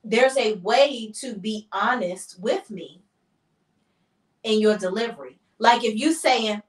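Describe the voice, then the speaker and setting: A woman co-hosting a casual chat with her husband, talking in an animated, playful way and acting out little scenes. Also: a little high, slow pace, echoey room, far from the mic. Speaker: podcast co-host.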